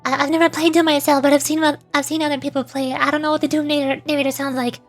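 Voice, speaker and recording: A woman's voice: high voice, level tone, quick pace, soft background music. A young adult woman streamer chatting casually in a giggly, self-deprecating way. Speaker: streamer doing voice acting. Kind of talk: casual chat.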